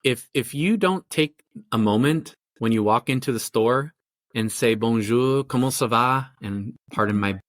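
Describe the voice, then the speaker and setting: Clean studio audio with no echo captures a middle-aged family therapist and parenting coach being interviewed on a podcast. His mid-range voice moves at a moderate pace as he talks thoughtfully but rambles, restarting often and using many fillers.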